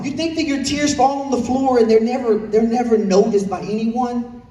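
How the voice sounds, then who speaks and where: A young man with a drawl preaches with earnest repetition and asks his congregation questions. His voice sits unusually high for a man. It rings through a big church hall, picked up from well back in the room. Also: steady tone, a little fast, mellow. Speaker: pastor. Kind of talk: sermon. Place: church sanctuary. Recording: echoey church hall from far off.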